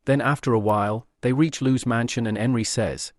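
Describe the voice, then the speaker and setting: A man's voice: medium pitch, moderate pace, no room sound, clean studio sound. A man narrating a comic recap in a plain, summarizing delivery.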